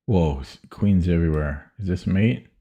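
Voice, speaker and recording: A man streaming chess puzzles, thinking aloud in halting, muttered phrases and correcting himself as he goes. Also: low-pitched, mellow, dull audio.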